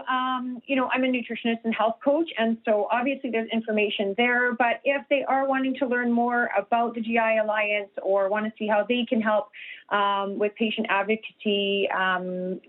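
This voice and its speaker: A woman, a nutritionist guest speaking earnestly in a radio interview, with many restarts and fillers. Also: a little high. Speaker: guest nutritionist and health coach. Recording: tinny phone line.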